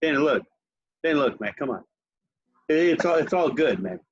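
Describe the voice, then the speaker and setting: A man's voice: fairly high pitch, animated, normal speed. A man hosting a casual chat with a loose, profane way of talking. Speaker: host. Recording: dull muffled sound with faint noise.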